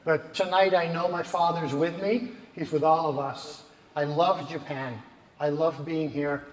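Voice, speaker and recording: A man's voice: a little high, steady tone, a little slow. A man giving an emotional, heartfelt speech as he presents awards at a gala. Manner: heartfelt, sometimes choked with emotion. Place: large banquet hall on stage. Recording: echoey hall with long reverb. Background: music and crowd.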